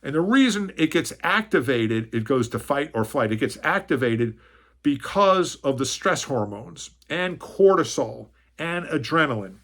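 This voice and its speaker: A middle-aged man gives a coaching lesson at a whiteboard, his voice a little higher than most men's. He talks in a loose, conversational way, restarting phrases and correcting himself as he draws. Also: animated, unhurried, fairly bright tone. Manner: conversational, self-correcting, drawing while talking. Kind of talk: whiteboard lecture to camera.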